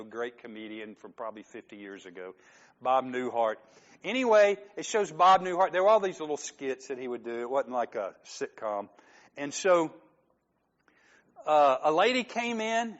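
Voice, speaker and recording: A man's voice: mid-range voice, fairly bright tone, highs cut off. A man preaching a sermon as pastor, talking conversationally, joking with the congregation and acting out quoted lines.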